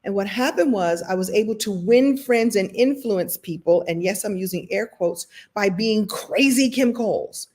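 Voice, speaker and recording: A woman from Brooklyn hosting a motivational talk, telling a personal story in an animated, self-deprecating way. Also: medium pitch, moderate pace, few pauses. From Brooklyn, New York. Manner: animated, self-deprecating, shifting pace and loudness. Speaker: host and motivational speaker.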